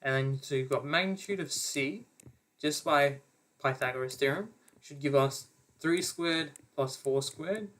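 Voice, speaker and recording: A young man with a slightly high voice runs an online maths revision lecture. He works through problems step by step in a relaxed, casual way. He stops often for fillers and quick self-corrections. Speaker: maths tutor.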